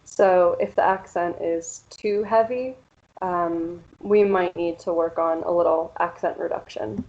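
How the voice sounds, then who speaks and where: Slow-speaking Pennsylvania woman teacher. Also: fairly low pitch, steady tone, a little mellow, muffled recording. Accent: Central Pennsylvania American. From Central Pennsylvania, USA. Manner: explanatory, measured, with frequent "um" and "so", light laughs. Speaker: workshop presenter. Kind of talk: pronunciation workshop talk.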